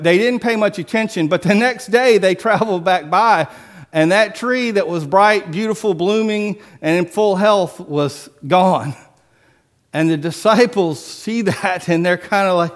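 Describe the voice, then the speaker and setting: A man preaching a sermon, telling stories with lively acted-out voices and dropping to a hush for solemn points. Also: sits high. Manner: animated storytelling, acts out voices, drops to a hush for solemn points.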